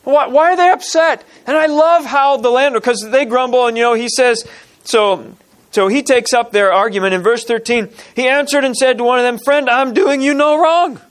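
A man with a high voice preaches to his congregation. He retells a parable with animated storytelling and brief acted-out lines for its characters. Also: normal speed. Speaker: pastor. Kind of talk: sermon.

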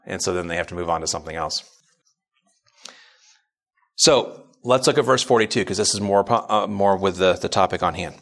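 A man's voice: fairly low pitch, moderate pace. A man pastor giving a sermon teaching, chatty and anecdotal at first, then rising into emphatic, insistent preaching.

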